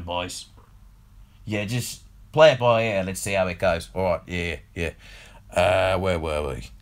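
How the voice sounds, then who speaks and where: A man's voice: fairly low pitch, a bit bright. Man doing a gloating, foul-mouthed old media baron. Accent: put-on Australian. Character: crude, sneering elderly male media baron. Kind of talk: comedy podcast monologue.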